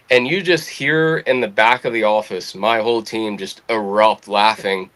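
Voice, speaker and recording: A man's voice: normal speed, few pauses. Casual storytelling man, swearing freely. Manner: lively anecdotal, swears freely, quotes others with rising pitch. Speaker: podcast guest.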